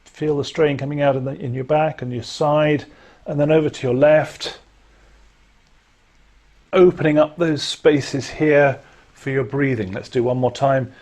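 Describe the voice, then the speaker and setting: A man coaching singers through a vocal warm-up, giving clear instructions and demonstrating breaths and lip trills. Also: fairly high pitch, fairly even intonation, unhurried, pauses often. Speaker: choir director. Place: home during lockdown.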